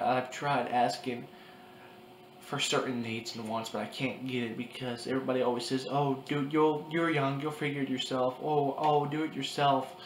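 Tearful young man, flat halting voice. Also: mid-range voice. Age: 20s. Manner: halting, repeats himself, restarts often. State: crying. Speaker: vlogger. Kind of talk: personal confessional vlog. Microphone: camera mic. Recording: echoey room with faint background noise.

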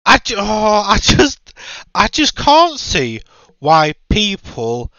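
A man's voice: high-pitched, huge pitch swings, slow pace, sharp tone, no room sound, muffled recording. A man hosting a podcast, ranting in exasperated, repeated questions. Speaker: podcast host. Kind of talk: casual opinion chat.

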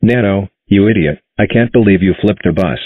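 A low synthetic male voice as a stern scolding cartoon dad. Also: normal speed, narrow, tinny audio, a little hiss or hum, lightly acted. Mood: angry. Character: stern cartoon father, middle-aged. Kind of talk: text-to-speech cartoon dialogue.

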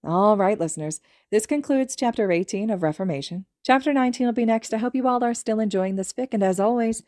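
A woman reading a fan fiction aloud as a podfic narrator, telling the story in a steady, even way. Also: fairly high pitch, fairly quick, no room sound, clean studio sound. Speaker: podfic reader.

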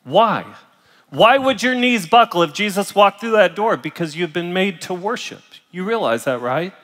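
A middle-aged male pastor preaches to a large room, his voice strained from pain and broken by coughs and throat-clearing. He sits a little high for a man and swings from soft, close phrases to loud emphatic bursts. Long reverb from the hall trails behind each line. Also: expressive, moderate pace. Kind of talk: sermon. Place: large church auditorium.

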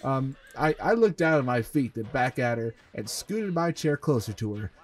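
A man with a mid-range voice reads a fanfic aloud in a sing-song way at normal speed, as a let's play host doing a comedic dramatic reading over gameplay. He mocks the text and reads the punctuation marks in deadpan.

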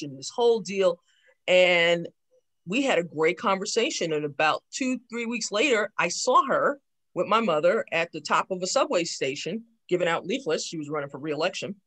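A woman in her sixties from New York City, giving a lively talk about her life and acting out remembered conversations. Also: medium pitch, moderate pace. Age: 60s. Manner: lively storyteller who acts out remembered dialogue. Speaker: invited speaker, town council member. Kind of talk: personal storytelling talk.

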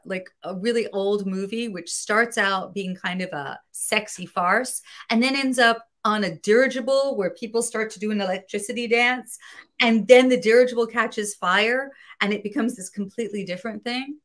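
Bright, animated woman comic writer. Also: medium pitch. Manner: animated, laughing, searching for words. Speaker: comic book writer, guest. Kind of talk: casual interview chat.

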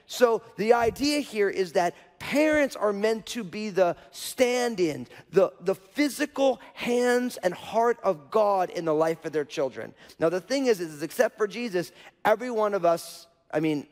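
A male pastor preaching a sermon in a casual, conversational way, often checking in with the audience by asking "right?". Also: high voice. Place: church auditorium. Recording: long reverb of a church hall.

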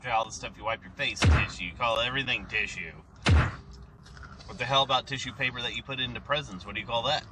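A man's voice: medium pitch, fast talker, distant mic, loud music behind the voice, poor audio. A man chatting casually with his wife, teasing her in a blunt, wry way. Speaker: husband. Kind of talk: casual chat.

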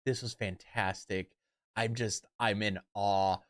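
Excitable, swearing man reacting to music. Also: fairly low pitch, takes it slowly, dry recording, clean studio sound. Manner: excitable, rambling, swears often. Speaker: reaction channel host. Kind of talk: casual reaction commentary.

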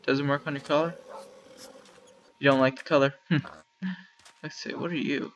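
Man, let's play commentary, chatty and wry, slightly raised pitch, faint background noise. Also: steady tone, normal speed, pauses often, dull audio. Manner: chatty, talks to game animals, wry. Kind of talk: casual game commentary.

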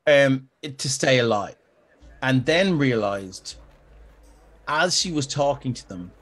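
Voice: mid-range voice, expressive, slow. A game master narrating a tabletop game, rambling and restarting sentences as they explain dice results.

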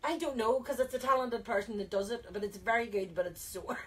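A woman's voice: fairly high pitch, a little fast, far from the mic, slight background noise, rough recording. A woman chatting on a radio show, giggly and trailing off mid-sentence. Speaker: radio co-presenter. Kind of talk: casual radio chat.

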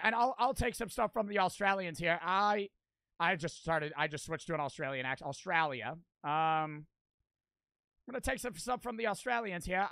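A man voicing a snobbish, mocking posh British man in a deliberately bad British accent. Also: high voice, creaky, sharp tone, clear, resonant tone, no echo, full character voice, low-quality recording. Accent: mock British accent. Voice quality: exaggerated bad accent, lots of "uh".

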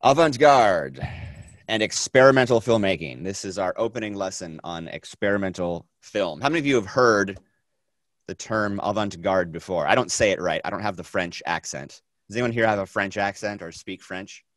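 A man teaching a film class, lecturing in a chatty, energetic way, with many fillers and repeated phrases. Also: deep voice, moderate pace, dry recording.

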